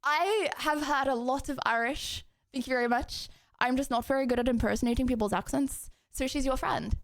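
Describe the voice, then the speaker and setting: A young woman hosting a live stream, talking casually and playfully to her viewers. Her voice sits high. She chats in a bubbly, self-teasing way and moves quickly from one thought to the next. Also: dry recording, clean studio sound. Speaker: streamer hosting chat debates.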